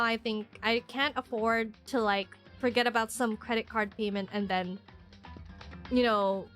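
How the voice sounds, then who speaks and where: A woman's voice: on the high side, fairly even intonation, slow pace, fairly bright tone, faint music behind. A woman streamer in casual live-stream chat, rambling and chatty with lots of fillers and frequent laughs.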